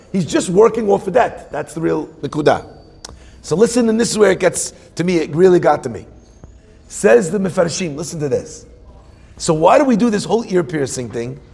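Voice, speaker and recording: A man's voice: fairly high pitch, creaky, a little mellow, husky. A man in his forties, a rabbi, giving a joking, conversational sermon and asking the audience questions. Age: 40s. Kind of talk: humorous sermon. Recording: long hall reverb.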